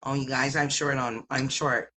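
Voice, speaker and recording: A woman's voice: extremely low pitch, steady tone, moderate pace, fairly bright tone, pitched below the performer's own voice. A woman voicing a whiny, self-pitying woman who begs for rent money, in a mocking tone. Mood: mock whining.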